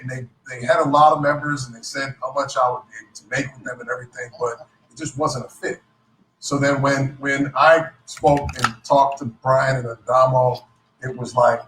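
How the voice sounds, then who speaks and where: In an echoey hall, a distant male speaker with a medium-pitched voice entertains a business-event crowd at a moderate pace, with slight background noise. His motivational talk is full of jokes, and he describes himself as a clown, keeping the energy lively.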